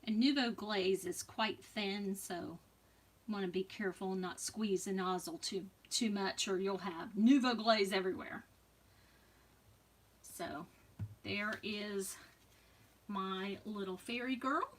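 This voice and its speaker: Woman doing a live craft demo, slow and chatty, mutters little asides, mic kinda far off. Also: medium pitch.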